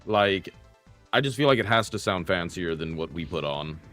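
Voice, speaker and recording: A man's voice: low-pitched, expressive, moderate pace, a bit bright. A young man streaming a retro game, chatting casually and self-deprecatingly with his viewers while he plays. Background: faint game music.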